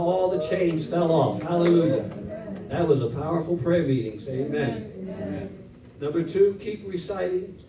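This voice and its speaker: Man preaching in an echoey church. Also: a little high. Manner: animated preaching, acts out Bible scenes in voices. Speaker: pastor. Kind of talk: sermon. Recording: roomy echo, from a distance.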